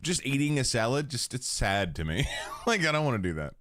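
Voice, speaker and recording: Chatty, lively-voiced man streamer. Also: mid-range voice, a little fast, no echo, studio quality. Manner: chatty, swears casually, laughs often. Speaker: livestream host. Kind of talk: casual chat with stream chat.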